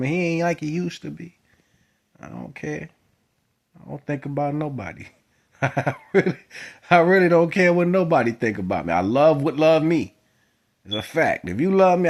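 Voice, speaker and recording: Man, spiritual vlog talk, emphatic, swings from soft to loud. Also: fairly high pitch. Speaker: spiritual vlogger. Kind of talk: preaching monologue to camera.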